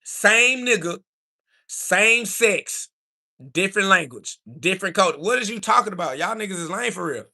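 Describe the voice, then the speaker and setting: Bright-voiced man ranting on a livestream. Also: high voice, animated, normal speed, creaky. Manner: insulting, preachy, repetitive; rises to shouting when heated. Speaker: livestream host answering chat. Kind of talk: combative livestream monologue.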